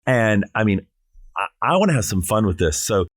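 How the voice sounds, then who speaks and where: A man's voice: lowish voice, sing-song, moderate pace, no room sound, studio quality. A middle-aged man from South Carolina, a drag performer chatting on a podcast in a playful, theatrical, jokey way. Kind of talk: casual podcast chat.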